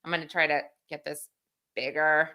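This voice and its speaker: A woman's voice: low voice, little pitch movement, normal speed, dull audio. A woman in her thirties hosting a livestream, chatting casually, reading comments aloud and laughing at herself. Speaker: livestream host.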